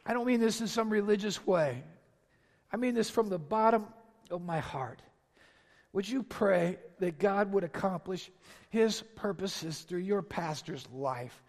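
Impassioned high-voiced pastor preaching. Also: male voice, animated, a little slow. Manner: impassioned preaching with emphatic repetition. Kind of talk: sermon. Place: large church sanctuary. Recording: long reverb of a large hall.

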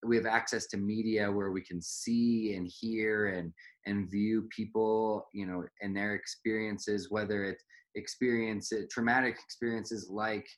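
A man's voice: fairly low pitch, fairly even intonation, measured pace. A young adult man in casual conversation, reflective, talking in long winding sentences.

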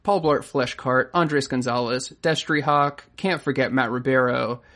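A podcast co-host chatting casually, joking dryly and quickly reading out a long list of supporters' names. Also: mid-range voice, fairly even intonation, fairly bright tone.

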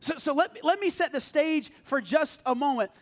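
Man, thirties, pastor; very high, animated, chatty sermon delivery. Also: normal speed. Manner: animated, conversational, jokes with congregation. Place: church sanctuary.

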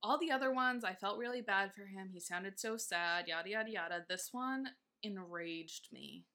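A woman's voice: mid-range voice, normal speed, pushed and bright. A woman co-hosting a casual chat, ranting indignantly and swearing freely. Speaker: podcast co-host.

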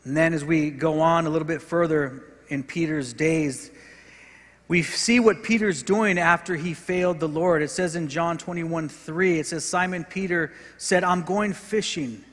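A male pastor preaching a sermon in earnest, swinging between forceful emphasis and quiet, with frequent repeated words. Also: a little high, unhurried. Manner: earnest preaching, rising in intensity and dropping to soft, repeated words. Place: church sanctuary. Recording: hall reverb.

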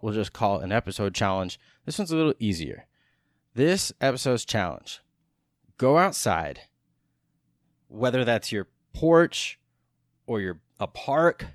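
In a clean studio recording without room sound, a man from Texas in his thirties runs his podcast with a mid-range voice. The monologue is casual and loose, heavy on swearing, and he keeps starting his sentences over.

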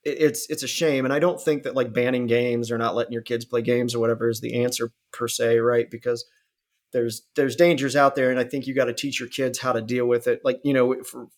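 A man's voice: medium pitch, level tone, fairly quick. A man talking casually on a podcast, rambling, cursing and laughing as he goes. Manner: rambling, profane, laughs often, drops into mock voices. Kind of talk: casual chat.

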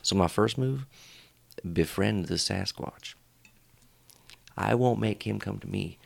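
A man co-hosting a casual podcast, telling stories in an animated, profane way and acting out voices. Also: fairly low pitch, takes it slowly, vocal fry, no room sound. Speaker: podcast co-host.

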